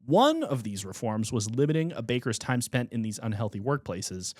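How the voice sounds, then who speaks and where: A man hosts a podcast and walks his co-host through a history topic in a loose, profane style, correcting himself as he goes. His voice sits at an average pitch. The recording is dry and close to the mic. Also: sing-song, moderate pace, a little mellow, dry recording. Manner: casual, swears freely, self-correcting. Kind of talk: casual explainer chat.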